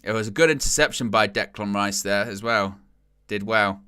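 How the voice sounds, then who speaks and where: A man giving casual, chatty live commentary on a football match, wry and sometimes bursting into loud excitement. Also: fairly low pitch, moderate pace, clean tone.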